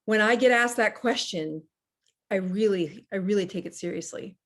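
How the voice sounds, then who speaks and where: A middle-aged woman physician telling stories in an interview, earnest and reflective, with restarts and the odd soft laugh. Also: mid-range voice, normal speed. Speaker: physician guest. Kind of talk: casual interview storytelling.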